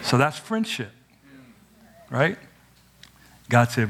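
A young man preaching an energetic sermon, animated and playful, swinging from loud cries to quiet asides. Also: medium pitch, takes it slowly, long pauses, slight background noise. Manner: conversational and playful, acts out quotes.

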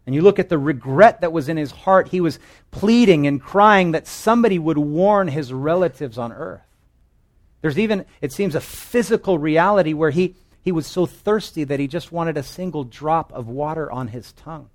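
Earnest male pastor preaching a sermon. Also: moderate pace. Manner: earnest, emphatic, shifts between loud stress and hushed low lines.

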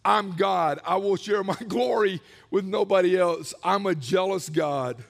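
A man preaching a sermon as pastor, animated, acting out prayers and quotes in other voices. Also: high-pitched, unhurried, vocal fry, big-room sound.

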